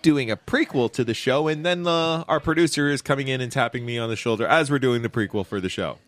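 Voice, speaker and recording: A fast-talking man in his thirties with a medium-pitched voice co-hosts a podcast, chatting casually and laughing through animated stories.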